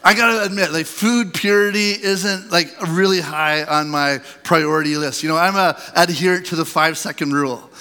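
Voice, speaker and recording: A man's voice: a little high, moderate pace, hardly any pauses, bright, forceful tone, clean tone, in a large hall. A man opening a church service in a chatty, joking way, asking the congregation questions and bantering with them. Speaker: church speaker. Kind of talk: casual sermon opening with audience banter.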